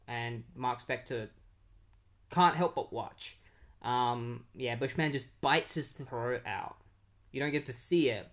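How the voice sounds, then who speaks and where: Lockerer Mann, der eine Comic-Handlung nacherzählt, mit vielen Füllwörtern und mittlerer Stimmlage. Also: male voice, mid-range voice, fairly bright tone. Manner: rambling, filler-heavy storytelling. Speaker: comic book reviewer. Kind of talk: casual plot recap.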